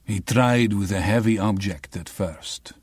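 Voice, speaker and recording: A grave, solemn Albanian man, voiced by a male audiobook narrator, telling things slowly and evenly. The voice sits slightly above a deep narrating tone. Dry, close recording. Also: husky, dry recording.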